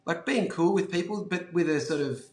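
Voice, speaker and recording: A man's voice: a little high, brisk, darkish tone, a little hiss or hum. A man in his forties with an Australian accent, chatting casually as an interview guest, laid-back, swearing and full of fillers. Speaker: guest entrepreneur. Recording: roomy echo.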